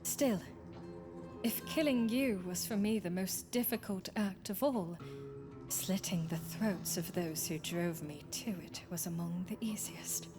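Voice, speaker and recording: A woman's voice: mid-range voice, unhurried, natural voice. A woman voicing a devoted, possessive old friend in a visual novel, speaking in formal, old-fashioned phrases that sink into whispers. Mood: darkly tender. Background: game soundtrack music.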